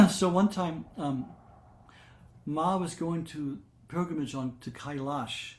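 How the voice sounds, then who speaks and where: In a roomy space that echoes, an older man with a slightly high voice gives a devotional storytelling talk as satsang leader. He is gentle and slow-paced, lingering on fillers and beginning sentences over again.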